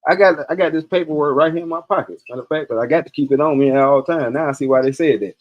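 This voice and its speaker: A man's voice: fairly high pitch, rapid-fire, dull audio. A man telling a personal story in casual, profane talk on a live stream, acting out the lines of the people in it. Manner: profane, animated, acts out quoted dialogue.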